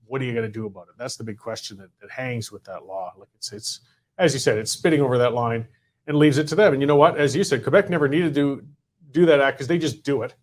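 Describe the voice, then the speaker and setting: A man talking as a panelist, acting out imagined quotes in an animated way. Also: mid-range voice, fast. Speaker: panelist and columnist. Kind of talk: casual political panel discussion.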